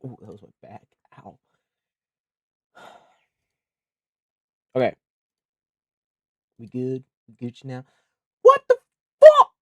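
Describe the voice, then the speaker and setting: A man streaming live, talking casually and excitably, swearing freely and laughing often. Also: mid-range voice, slow pace, pauses often, husky, no room sound, lo-fi sound.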